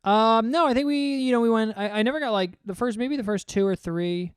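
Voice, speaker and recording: A young man co-hosting a podcast, chatting casually, laughing often and acting out people's reactions in an animated way. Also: very high-pitched, fairly quick, clear, resonant tone, no room sound, clean studio sound. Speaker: podcast co-host. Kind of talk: casual chat.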